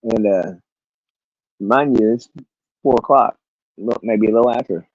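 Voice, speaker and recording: A man's voice: fairly low pitch, a little slow, a little mellow, dry recording. A man ranting about his workday to camera, rambling and swearing, laughing often. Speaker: vlogger. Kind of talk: casual rant. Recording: dull, lo-fi, dry recording.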